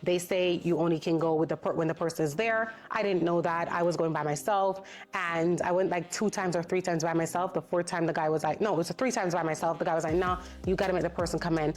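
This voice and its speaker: A woman's voice: fairly low pitch, brisk. A woman vlogger telling a story in a casual, indignant way, acting out the people in it. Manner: animated, indignant retelling with quoted voices.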